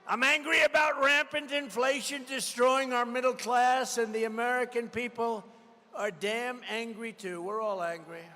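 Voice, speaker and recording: A man giving a campaign rally speech, combative and repetitive, hammering slogans with bursts of shouting. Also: very high-pitched, steady tone, normal speed. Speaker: political candidate at a rally. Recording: long reverb of a large rally venue.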